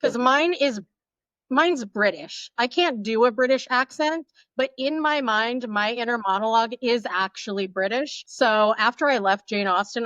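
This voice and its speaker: A woman's voice: a little high, normal speed, a bit bright, dry recording. Enthusiastic woman guest on dull remote audio. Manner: enthusiastic, talkative, laughs easily. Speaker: podcast guest. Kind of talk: casual chat about a film.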